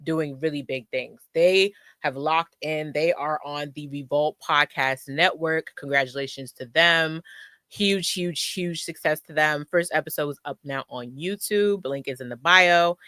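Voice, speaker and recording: Live stream host: smooth, dry close-mic sound, casual and chatty, heavy on shout-outs and repeated phrases. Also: medium pitch, a little slow, dry recording.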